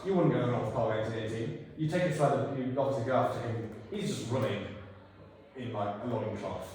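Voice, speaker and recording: A man directing a theatre rehearsal, talking actors through scenes in an animated way and slipping into silly voices. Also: medium pitch, fast, slight background noise. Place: rehearsal hall. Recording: echoey hall, far from the mic.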